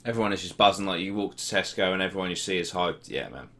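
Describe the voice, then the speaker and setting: A young man with a Norwich accent and a low, deep voice chats on a live stream. He reads out viewers' comments in laddish banter and swears freely. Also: fast, sharp tone. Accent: English, Norwich. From Norwich, England. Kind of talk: casual live-stream chat reading comments.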